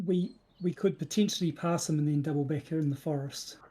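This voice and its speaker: Woman player, really low husky voice, kinda tentative. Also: a little fast, mellow. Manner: tentative, restarting phrases. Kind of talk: casual tabletop play.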